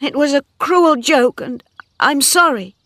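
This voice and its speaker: Bathsheba, a high lively young woman, as a woman reader puts her on. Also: a little slow, dry recording, studio quality. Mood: pleading. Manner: earnest, pleading, emotional. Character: proud young woman farmer, spirited. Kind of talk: dramatic story reading.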